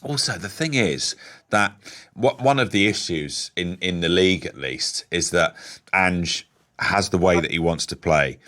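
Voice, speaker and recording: A man's voice: low voice, unhurried, sharp tone. A male radio presenter hosting a live interview, chatty, laughing easily and often restarting his sentences.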